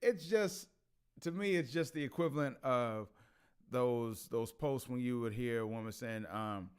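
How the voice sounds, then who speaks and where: A man's voice: mid-range voice, a little slow, clean tone. A man hosting a casual commentary vlog who laughs often and stammers through restarts. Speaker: vlog host.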